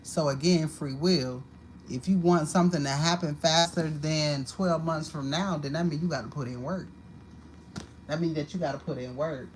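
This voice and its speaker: A woman's voice: sits low, moderate pace, slight background noise, poor audio. A woman giving a live-streamed tarot card reading at home, talking in a blunt, profane and repetitive way. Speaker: tarot reader. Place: home apartment.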